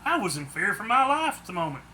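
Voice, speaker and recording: Man, author reading own book aloud, first-person audiobook narration, high voice, very bright. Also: very animated, fast talker, a little hiss or hum. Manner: plain first-person storytelling.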